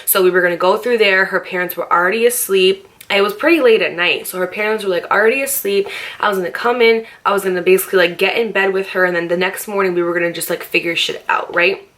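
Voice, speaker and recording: Bright-voiced young woman telling a story. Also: mid-range voice, steady tone, quick pace. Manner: chatty and profane, full of "like". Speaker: vlogger. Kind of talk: casual storytime.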